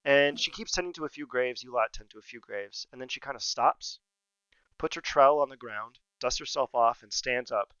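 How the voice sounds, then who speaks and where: A man runs a tabletop game, narrating scenes in a loose, jokey way. His voice is smooth and crisp. The recording is dry and slightly dull. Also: mid-range voice, moderate pace, sharp tone, dry recording. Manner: laughs often, loose and jokey. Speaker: game master.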